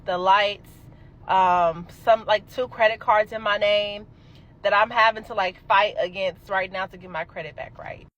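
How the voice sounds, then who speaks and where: A young adult woman telling a casual storytime, animated and emphatic, swearing freely. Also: medium pitch, muffled recording.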